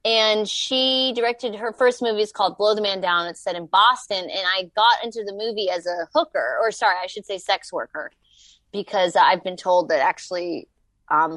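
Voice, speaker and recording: A woman's voice: medium pitch, fairly bright tone, dry recording. A young woman telling stories as a podcast guest, rambling with many fillers. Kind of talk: casual podcast chat.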